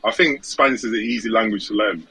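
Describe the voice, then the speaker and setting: A man's voice: fairly low pitch, fast, sharp tone, a little hiss or hum, poor audio. A British man chatting casually as a podcast guest, repeating words and laughing easily. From United Kingdom. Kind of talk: casual chat.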